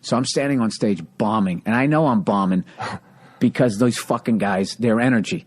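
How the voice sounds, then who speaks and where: A man in casual conversation, telling animated, profane stand-up club stories. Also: on the low side, normal speed. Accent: Boston. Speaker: comedian, podcast co-host. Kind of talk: casual chat, storytelling.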